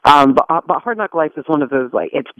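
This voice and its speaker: Animated joking male stage actor. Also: a little high, fast talker, dry recording, highs cut off. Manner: animated, joking, lots of restarts and laughs. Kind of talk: casual interview chat.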